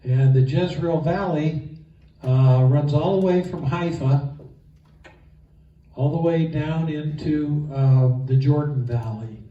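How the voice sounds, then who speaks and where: A man's voice: fairly high pitch, steady tone, takes it slowly. A man teaching a Bible geography class in an enthusiastic, conversational way, with fillers, recorded from a distance in an echoey room. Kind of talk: informal class lecture. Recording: echoey room, distant mic, dull sound.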